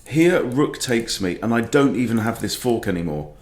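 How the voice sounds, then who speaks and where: A man's voice: mid-range voice, expressive, normal speed, darkish tone, a little hiss or hum. A middle-aged man, a chess coach, giving self-mocking, exasperated live commentary on his own online games, sighing as he goes. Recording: echoey room.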